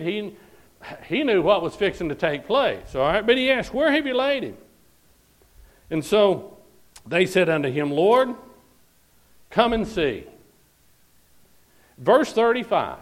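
Male preacher, emphatic and repetitive, slightly high voice, reads verses. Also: poor audio. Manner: emphatic, repeats phrases, asks "All right?". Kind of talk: sermon.

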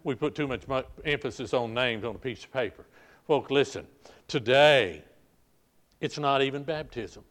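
A man's voice: medium pitch, normal speed, fairly bright tone. An older man, a pastor preaching a sermon, calling out "folk, listen" and restarting phrases as he presses his points.

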